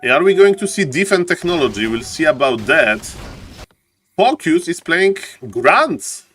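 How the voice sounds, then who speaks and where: Excitable male game caster, higher voice. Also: measured pace, soft background music. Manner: excitable, repeats phrases, often says "ladies and gentlemen". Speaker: esports caster. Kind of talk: live game commentary.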